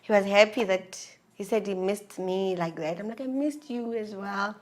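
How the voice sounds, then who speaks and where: A woman telling her own story in an animated, emotional way, acting out the dialogue. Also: mid-range voice, normal speed. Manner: animated, emotional retelling with acted-out dialogue and laughs. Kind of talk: personal storytelling.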